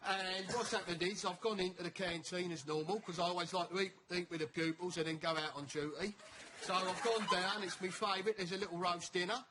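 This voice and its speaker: A man who works as a school teacher, telling a lively, jokey anecdote. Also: sits high, a little fast. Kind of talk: storytelling. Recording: loud background noise.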